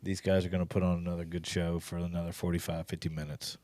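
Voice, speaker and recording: A man with a very deep, flat, dark voice hosting a podcast. He talks in a halting way, full of fillers and false starts. The recording is dry and close. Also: no room sound. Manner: halting, lots of fillers and restarts. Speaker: podcast host. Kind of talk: casual podcast chat.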